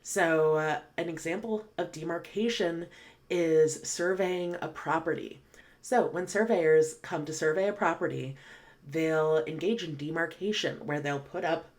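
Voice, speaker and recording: Low-voiced woman teaching vocabulary. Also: darkish tone. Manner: clear, patient explaining with slow read-aloud examples. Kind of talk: online vocabulary lesson.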